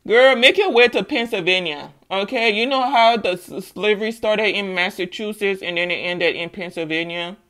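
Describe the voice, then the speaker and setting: A woman's voice: mid-range voice, normal speed, few pauses. Sassy lady doing a casual tarot reading, laughs a lot. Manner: sassy, animated, laughs often. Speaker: tarot reader.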